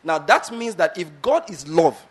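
A man's voice: fairly high pitch, big pitch swings, normal speed, slightly rough. A man preaching a sermon, retelling a scripture story and often asking his listeners whether they follow his point.

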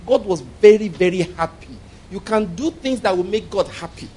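A man preaching a humorous, animated sermon, often checking whether his listeners follow him. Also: high voice, moderate pace, breathy edge. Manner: humorous, animated storytelling, asks the congregation questions.

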